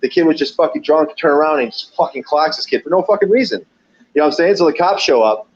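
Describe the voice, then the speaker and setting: Guy rambling crude stories, kinda high voice, muffled lo-fi audio, laughs a lot. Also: quick pace, slight background noise. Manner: profane, rambling, laughs often, acts out quotes. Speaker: podcast guest, pizza delivery driver. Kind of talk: casual storytelling. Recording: dull lo-fi audio.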